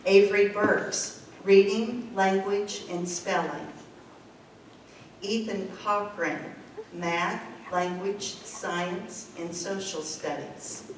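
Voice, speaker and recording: A woman teacher reading out award winners and subjects in a slow, measured way at a school ceremony. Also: medium pitch, fairly even intonation. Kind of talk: reading out a list of names. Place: school gym or hall. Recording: echoey hall, distant mic, room noise.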